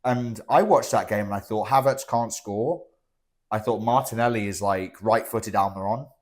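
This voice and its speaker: Low-voiced young man in chatty banter. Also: normal speed, a little mellow. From England. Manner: rambling, self-interrupting, dry teasing. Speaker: podcast co-host. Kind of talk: casual football chat.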